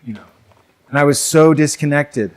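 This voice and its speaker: A young adult North American man with a voice on the high side speaks at a moderate pace. He gives a reflective, conversational talk about men's work to a live audience, full of fillers and asides.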